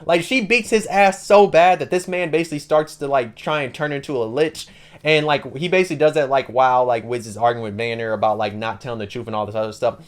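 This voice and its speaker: Man, anime channel host, rambling casual recap, slangy, mid pitch. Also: fast talker. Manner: rambling, slangy, heavy on "like" and "basically".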